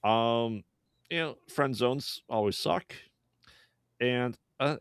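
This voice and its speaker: A man's voice: medium pitch, unhurried, creaky, no room sound, clean studio sound. A man co-hosting a podcast, chatting casually about a movie, laid-back and laughing often. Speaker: podcast co-host. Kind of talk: casual movie review chat.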